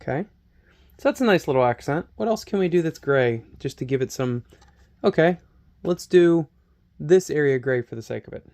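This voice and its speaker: Gravelly-voiced man chatting while he paints. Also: a little high, animated, normal speed, a little mellow. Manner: chatty, self-mocking, thinks aloud while working. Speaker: hobby painting channel host. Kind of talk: relaxed painting tutorial talk. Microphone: camera microphone close to his face.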